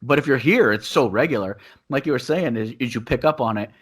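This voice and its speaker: A man's voice: mid-range voice, animated, fairly quick, a bit bright, husky. A man co-hosting a podcast and coaching Muay Thai, talking in a rambling casual way and laughing often. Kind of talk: casual chat. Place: living in Thailand.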